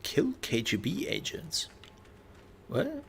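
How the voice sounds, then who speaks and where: A man's voice: high-pitched, huge pitch swings, takes it slowly, fairly bright tone, a little hiss or hum. A man casually commenting while streaming a video game, playful and rambling, joking to himself.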